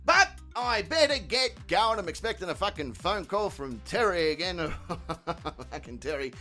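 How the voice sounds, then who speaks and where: A man's voice: high voice, very animated, normal speed, hardly any pauses, sharp tone, faint music behind. A man hosting a channel, telling a crude comic story full of swearing. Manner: crude, heavy swearing, laid-back banter. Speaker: channel host.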